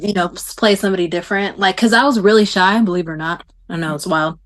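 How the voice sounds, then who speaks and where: A young woman from the Bay Area, a game show contestant chatting casually as a guest, talking fast with lots of "like" fillers. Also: on the low side, slight background noise. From San Francisco Bay Area. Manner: fast, animated talk full of "like" fillers. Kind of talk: casual chat.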